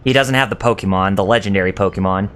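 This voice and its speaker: A man's voice: sits low, quick pace, fairly bright tone, slight background noise. A man co-hosting a casual gaming stream, joking around and dropping into silly voices. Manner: jokey, breaks into sung bits and silly voices. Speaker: co-host. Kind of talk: casual gaming commentary chat.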